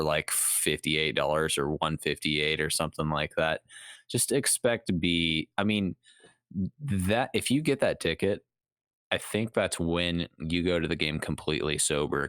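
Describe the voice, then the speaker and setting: A man's voice: extremely low pitch, moderate pace, a bit bright, no room sound. A man co-hosting a podcast in casual, profane, joking banter, acting out bits as he talks. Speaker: podcast co-host, retired kicker.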